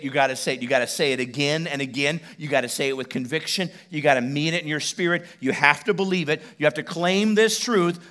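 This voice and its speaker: Male pastor, middle-aged, sermon, animated storytelling, loud to hushed, slightly high voice. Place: church stage before a congregation.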